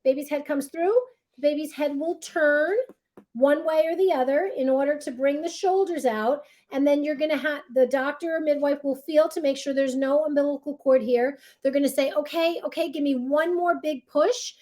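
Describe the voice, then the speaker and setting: Chatty high-voiced woman teaching childbirth. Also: fairly even intonation, moderate pace, mellow. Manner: chatty, reassuring, keeps checking in with "right?"; acts out what midwives and nurses say. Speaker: childbirth educator. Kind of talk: casual instructional talk with a demonstration.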